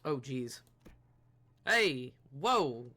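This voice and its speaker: A streamer giving live commentary over a game, blurting quick excited reactions and the odd swear, and reading game dialogue aloud in between. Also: mid-range voice.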